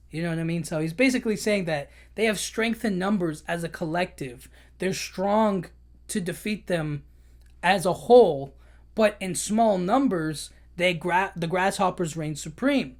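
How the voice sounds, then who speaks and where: Male podcast host, casual talky recap, stumbles and restarts, throws in quick character voices. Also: sits high. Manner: rambling, loose retelling with many restarts and fillers; acts out characters' lines in quick bursts.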